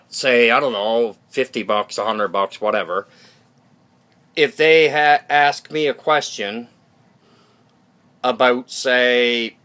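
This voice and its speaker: A man's voice: mid-range voice, fairly bright tone. A man talking casually to his channel viewers in a blunt, rambling monologue, often restarting sentences and checking in with "okay?", with some mild swearing. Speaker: YouTube channel host.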